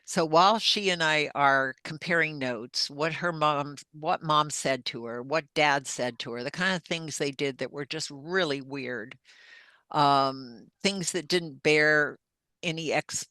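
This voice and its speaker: Bright-voiced older woman telling her story. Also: sits low, a little slow, no room sound. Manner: earnest, vivid retelling with acted-out dialogue. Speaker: podcast guest. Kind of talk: personal testimony storytelling.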